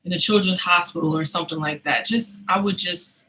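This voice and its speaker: A woman hosting a casual podcast interview, animated and quick to laugh, often restarting her sentences. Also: on the low side, slight background noise, poor audio. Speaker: podcast host.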